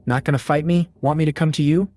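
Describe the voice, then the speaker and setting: A hulking, brutal killer who growls and sneers out his taunting threats, as a recap narrator puts him on. The voice sits a touch lower than the narrator's usual telling. Faint music plays underneath. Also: steady tone, quick pace, darkish tone, lightly acted. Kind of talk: recap narration with read-out dialogue.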